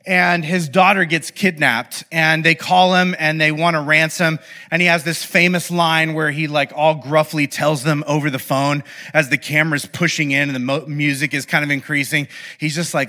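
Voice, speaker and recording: A young man speaking to a live audience in an animated, playful way, often checking in with the audience. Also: on the high side, normal speed. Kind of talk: lively talk to a live audience.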